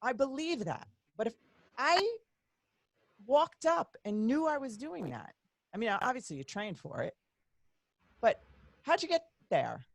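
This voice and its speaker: Woman, interview host, animated, exclaiming, lively pitch, dry recording. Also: unhurried, creaky, long pauses, no echo. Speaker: podcast host. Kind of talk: casual interview chat.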